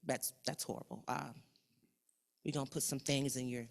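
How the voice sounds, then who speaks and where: Southern lady running a workshop, lively, says thank you thank you thank you. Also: a bass voice, moderate pace, gravelly. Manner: animated, call-and-response, repeats herself. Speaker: workshop facilitator. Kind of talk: energetic workshop facilitation. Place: conference room with audience.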